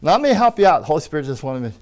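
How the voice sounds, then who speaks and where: A man's voice: on the high side, big pitch swings, rapid-fire, darkish tone. A man preaching a teaching sermon, emphatic and repeating amen with enthusiasm, with wry asides and small jokes.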